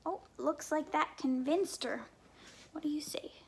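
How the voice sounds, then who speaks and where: Brief: woman reading a storybook to kids, gravelly, unhurried, lots of whispered questions. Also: high-pitched. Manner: gentle questions to young listeners, often dropping to a whisper. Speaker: story time reader. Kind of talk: reading a picture book aloud to children.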